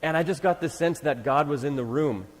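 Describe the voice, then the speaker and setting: A man's voice: a little high, fairly quick. A man leading a ministry, telling an enthusiastic testimony story at church with many fillers. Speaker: ministry leader speaking at church. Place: church sanctuary. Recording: long hall reverb.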